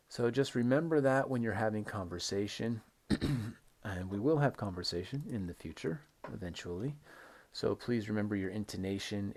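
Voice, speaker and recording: Man teaching English, slow emphatic phrasing. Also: fairly low pitch, a little mellow. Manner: slow, emphatic modeling of intonation with rising and falling examples; repeats words for stress, frequent "right?" checks. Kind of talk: recorded online lesson.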